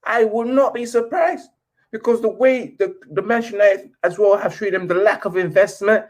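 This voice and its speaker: A British man with a high voice hosts a casual football live stream. He rants with sarcasm, slightly sniffly, and mocks quotes in a posh reading voice. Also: moderate pace. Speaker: football channel host.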